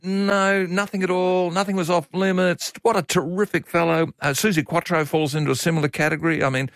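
A man's voice: sits high, level tone, fairly quick, a bit bright, no echo, studio quality. A man hosting a morning radio show, chatting in a rambling way with frequent restarts. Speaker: radio host. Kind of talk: casual chat. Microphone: studio microphone.

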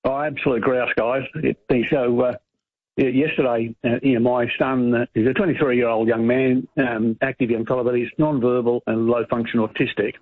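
A man's voice: mid-range voice, level tone, moderate pace, breathy edge, dry recording. An Australian man calling in to a radio show, telling a story earnestly with many fillers. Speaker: caller. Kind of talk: phone-in story. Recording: tinny phone line.

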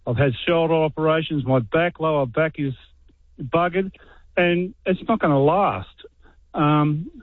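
A middle-aged Australian man calls in on a tinny, narrow phone line. His voice sits fairly high, and he sounds weary and aggrieved, halting as he talks. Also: dry recording. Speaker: caller, army veteran. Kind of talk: talkback phone call.

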